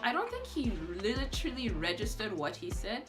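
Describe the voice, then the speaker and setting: A young woman telling a personal story in a vlog, expressive, acting out what others said with gasps and laughs. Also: a little high, normal speed. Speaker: vlogger. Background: background music.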